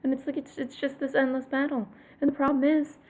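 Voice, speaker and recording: A woman's voice: high voice, flat delivery, brisk, a little mellow. A woman, likely in her thirties, venting to viewers about her children in an exasperated, emphatic way, dropping to whispers for punchlines. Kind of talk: casual vlog rant.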